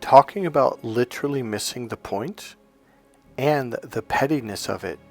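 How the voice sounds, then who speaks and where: A man's voice: medium pitch, moderate pace, creaky, soft background music. A middle-aged man, a life coach, delivering an emphatic, preachy motivational monologue full of storytelling.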